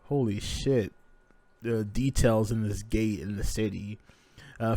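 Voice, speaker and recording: A man hosting a live manga reaction, reading the chapter aloud with excitable commentary and frequent swearing. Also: lowish voice, slow pace, no echo. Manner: excitable, swears freely, laughs at himself.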